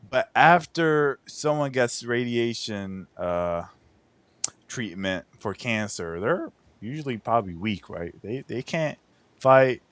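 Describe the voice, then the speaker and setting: A man's voice: mid-range voice, clear, resonant tone, no room sound. A man hosting a casual podcast chat, ranting in a profane, incredulous way. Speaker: podcast host.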